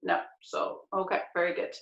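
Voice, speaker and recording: A woman's voice: moderate pace, a bit bright. Upbeat woman host, roomy sound. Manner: upbeat, encouraging, asks leading questions. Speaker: interview host. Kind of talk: casual language-lesson interview. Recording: dull echoey room.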